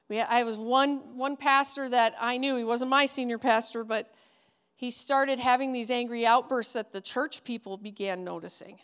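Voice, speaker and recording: A woman's voice: fairly high pitch, fairly bright tone, clear, resonant tone. A woman giving an earnest, emphatic teaching talk to children's pastors in a conversational way. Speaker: ministry trainer for children's pastors.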